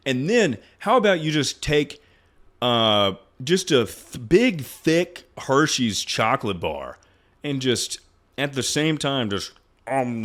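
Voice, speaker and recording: A man's voice: mid-range voice, very animated, moderate pace, fairly bright tone. A man in his twenties streaming, ranting casually and profanely as he ranks things. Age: 20s. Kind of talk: casual livestream commentary.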